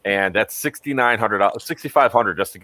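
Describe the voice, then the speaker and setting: Low, rambling man hosting a stream. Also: moderate pace, bright, forceful tone, no echo. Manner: rambling, with frequent ums. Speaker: stream host. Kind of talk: casual chat.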